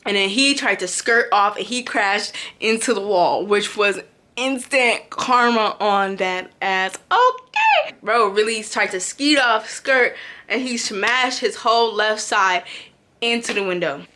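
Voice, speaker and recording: Young woman, casual storytelling vlog, lively, bright voice. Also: unhurried, slight background noise. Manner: animated, acts out quotes with big pitch jumps. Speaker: vlogger.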